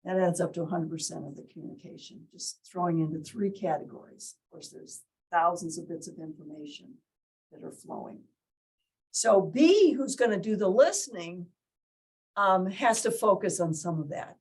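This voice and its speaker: Woman teaching a group in a meeting room, kinda husky, asks them questions as she goes. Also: fairly low pitch, animated, moderate pace, a little mellow, poor audio. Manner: quizzes the group, demonstrates tones of voice. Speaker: workshop leader. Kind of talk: interactive teaching talk. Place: indoor meeting room with window blinds.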